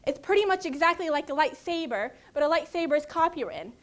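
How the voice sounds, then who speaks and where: Casting: woman contest speaker, high voice, lively comic storytelling. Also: fast. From Arizona, USA. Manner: animated storytelling, often laughing. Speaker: speech contest competitor. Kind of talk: humorous tall-tale speech.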